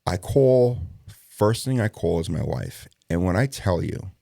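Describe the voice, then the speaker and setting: A middle-aged man, a former police detective, telling a story in a casual interview, profane and animated, acting out the dialogue. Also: deep voice, unhurried, vocal fry, no echo, clean studio sound.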